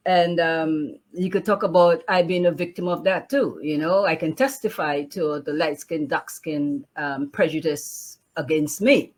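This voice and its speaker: A woman poet chatting in an interview, then reciting her poem in a declamatory way with repeated refrains. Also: low-pitched. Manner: slow, lively, declamatory reading with repeated refrains. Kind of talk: casual interview and poetry recitation.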